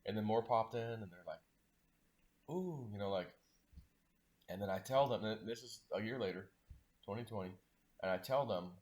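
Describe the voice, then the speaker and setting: A man with a somewhat low voice tells a personal story in a relaxed monologue. His talk rambles, with fillers like "like" and "you know" in nearly every breath. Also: fairly quick, long pauses. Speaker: spiritual vlogger.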